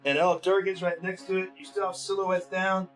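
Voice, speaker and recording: A man acting as game master for a tabletop game, his voice sitting a little high. He gets excitable, laughs often and explains the rules in halting bursts. Faint music plays behind him.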